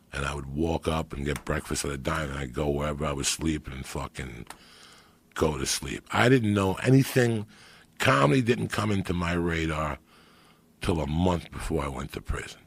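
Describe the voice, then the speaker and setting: A middle-aged man, telling profane street stories on a podcast, swinging between loud bursts and hushed asides. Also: extremely low pitch, animated, normal speed, gravelly, slightly rough. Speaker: comedian guest. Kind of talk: storytelling podcast chat.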